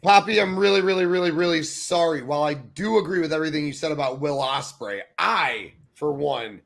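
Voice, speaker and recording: Male podcast co-host, gravelly fry in his voice, excited and emphatic, swears freely. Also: fairly high pitch, fairly quick. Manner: excited, profane, emphatic praise. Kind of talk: casual wrestling debate.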